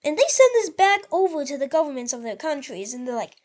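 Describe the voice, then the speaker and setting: A woman talks through an imagined history of the world in casual, rambling narration, often restarting her sentences. Her voice sits high, and it leaps up and down animatedly as she goes. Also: big pitch swings, fast, hardly any pauses, darkish tone. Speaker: channel host.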